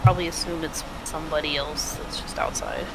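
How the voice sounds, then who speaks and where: A woman's voice: low-pitched, huge pitch swings, fairly quick, creaky, background noise. A woman playing a tabletop role-playing game, speaking casually in character. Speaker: player.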